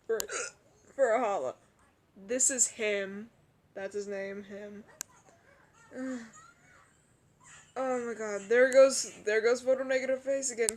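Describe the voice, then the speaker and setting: A woman's voice: on the high side, a little mellow, a little hiss or hum. A young woman commenting on a game, hiccuping and out of breath, laughing and gasping often. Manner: laughs a lot, gasping, drawn-out sighs. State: hiccuping, out of breath, chest aching. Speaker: roleplay gamer commenting on a game.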